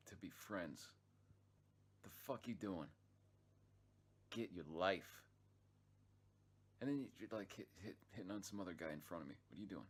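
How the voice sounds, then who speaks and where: A man's voice: deep voice, breathy edge. A man narrating his own travel vlog in a casual, rambling way, swearing freely and often restarting his sentences. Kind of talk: casual profane storytelling.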